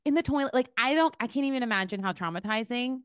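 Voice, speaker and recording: A woman's voice: a little high, lively intonation, quick pace, clean tone, no room sound, clean studio sound. A woman hosting a podcast, talking casually and enthusiastically, with lots of "like" and "you know". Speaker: podcast host.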